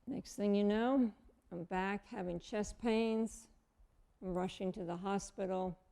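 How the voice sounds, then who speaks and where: Fifties woman, gravelly voice, personal testimony, acts out each quoted exchange. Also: medium pitch, a little slow. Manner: animated, acts out quoted dialogue. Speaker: guest telling her story.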